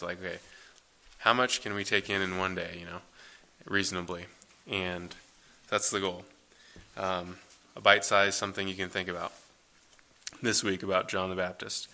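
A man preaching a conversational sermon, reading scripture aloud and then explaining it in a relaxed way with fillers. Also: low voice, clean tone.

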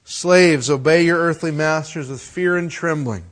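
A middle-aged man preaching a sermon, reading scripture, praying softly, then telling lively stories about his children. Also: fairly high pitch, a little slow. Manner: swings from loud animated storytelling to hushed prayer. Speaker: pastor.

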